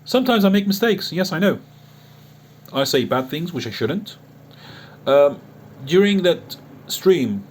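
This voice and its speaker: Husky, animated man preaching earnestly. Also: medium pitch. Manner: earnest, repetitive and emotional, with frequent restarts. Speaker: online Islamic preacher and chat-room admin. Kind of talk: unscripted monologue addressed to a critic.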